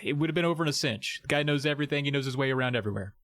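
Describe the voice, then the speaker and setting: A man's voice: medium pitch, very fast, fairly bright tone. A man co-hosting a podcast, chatting casually and dropping short, wry reactions. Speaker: podcast co-host. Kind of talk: casual chat.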